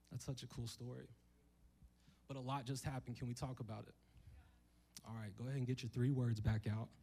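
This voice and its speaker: A man with a husky, slightly breathy voice preaches a sermon to a church congregation. He keeps it conversational and playful, jumping into the voices of the people in his story. His pitch sits in an ordinary middle range. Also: warm tone, low-quality recording. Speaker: guest preacher.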